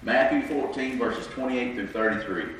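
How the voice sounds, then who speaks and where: A man's voice: mid-range voice, normal speed, a bit bright, slight background noise. A man preaching an interactive sermon, conversational and questioning the congregation, with a congested voice from his sinuses. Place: church sanctuary. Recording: echoey room mic from a distance.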